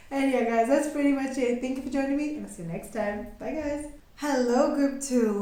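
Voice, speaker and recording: Young woman, tarot reader, casual chat, giggly, slightly high voice, very echoey room. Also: darkish tone. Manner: giggly, chatty, acts out quoted voices. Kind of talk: casual chatty tarot reading.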